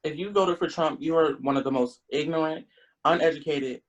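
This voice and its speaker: A co-host speaks outspokenly and dismissively in a casual group chat. The voice is lowish and even, with no striking color. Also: moderate pace, dull audio. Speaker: podcast co-host.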